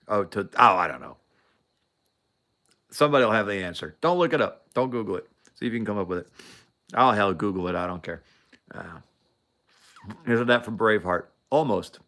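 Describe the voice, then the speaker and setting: A man's voice: fairly low pitch, animated, normal speed, long pauses, bright, forceful tone. A man hosting a show, telling a story casually, rambling with frequent laughs and restarts. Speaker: show host.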